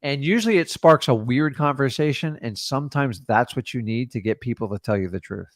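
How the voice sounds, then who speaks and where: A man coaching a caller in a casual, blunt way, acting out phone calls with quick changes of voice. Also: mid-range voice, lively intonation, no room sound, clean studio sound. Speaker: real estate investor coaching a caller.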